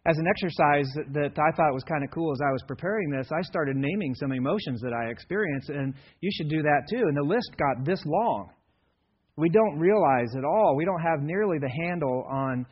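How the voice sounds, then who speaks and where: A man's voice: a little high, expressive, normal speed, slightly rough. A man giving a conversational sermon as guest preacher, telling stories in a dry, self-deprecating way. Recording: dull lo-fi sermon recording.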